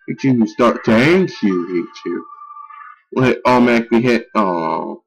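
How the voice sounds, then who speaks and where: A young man giving casual gameplay commentary, excitable and easily frustrated, swearing and yelling at his game. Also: mid-range voice, normal speed, vocal fry, slightly rough, faint music behind, poor audio. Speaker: let's play gamer.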